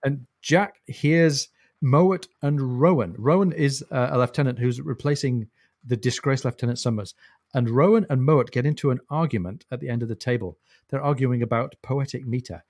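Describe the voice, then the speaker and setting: A man's voice: mid-range voice, normal speed, darkish tone, no echo, clean studio sound. A man co-hosting a podcast, chatting thoughtfully about a novel and laughing now and then. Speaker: podcast co-host. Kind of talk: casual book discussion.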